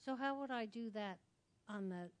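A woman's voice: medium pitch, normal speed. A woman in the audience asking a hesitant question about meditation. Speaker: audience member.

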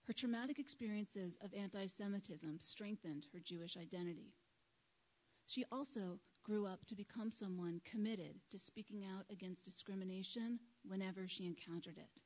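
A woman delivers a prepared talk at a live event, measured and earnest. Her voice sits at an ordinary middle pitch for a woman. She speaks into a microphone at a lectern. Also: a little mellow, rough recording.

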